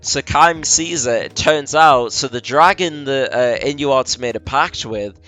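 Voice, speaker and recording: A man with a smooth, clear voice tells a story in loose, rambling chat among friends. He drops into quick quoted impressions of the characters. Faint music plays behind him. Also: mid-range voice, pushed and bright. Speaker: friend explaining a game plot. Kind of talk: casual drunken chat.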